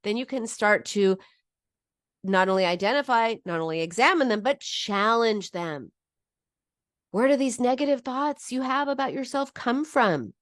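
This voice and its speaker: An American middle-aged woman gives a heartfelt, earnest personal talk teaching about binge eating, frequently restarting her sentences. Her voice is on the high side, recorded with studio quality and no echo.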